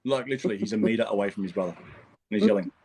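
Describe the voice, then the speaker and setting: A man's voice: on the low side, racing, dark tone, a little hiss or hum. A man giving a casual psychic tarot reading, rambling and repeating himself, swearing freely.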